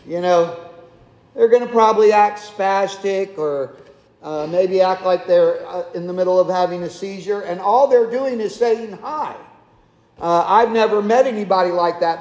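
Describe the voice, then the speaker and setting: High-voiced man preaching in echoey hall. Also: a little mellow. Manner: conversational preaching with rhetorical questions. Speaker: pastor. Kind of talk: sermon. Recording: echoey hall with long reverb.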